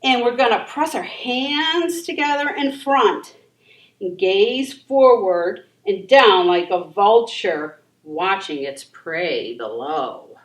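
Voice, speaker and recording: Woman children's yoga instructor, high-pitched and sing-song, unhurried; recorded far off in a reverberant room. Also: animated. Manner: encouraging, gentle and sing-song. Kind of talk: leading a kids' yoga class. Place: library room.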